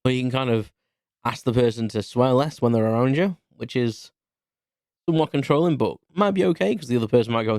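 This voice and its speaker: A British man around forty talks alone on his podcast in a candid, rambling flow, spinning a personal anecdote. His voice sits at an ordinary mid pitch. The recording is dry and close, with no room sound. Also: fast talker, a little mellow, dry recording. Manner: rambling, chatty storyteller. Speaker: podcast host. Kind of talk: candid solo podcast monologue.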